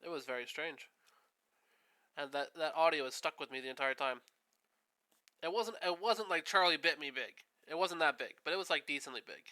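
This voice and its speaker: A man's voice: a little high, brisk, bright, forceful tone. A man hosting a stream, chatting in a rambling, easygoing way while he paints. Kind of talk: casual chat while painting. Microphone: streaming setup.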